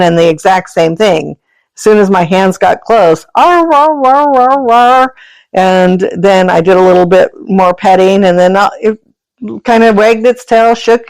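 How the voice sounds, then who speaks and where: On a podcast, a woman who is an energy healer and the founder of an animal sanctuary tells animal stories casually, chatty and rambling with frequent laughter. She has a mid-range, slightly mellow voice, a flat delivery and normal speed. No room sound is audible, though the audio is poor.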